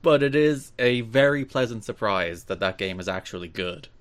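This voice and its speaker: A man hosting a podcast in casual chat, teasing his co-host with dry, deadpan banter. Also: lowish voice, normal speed.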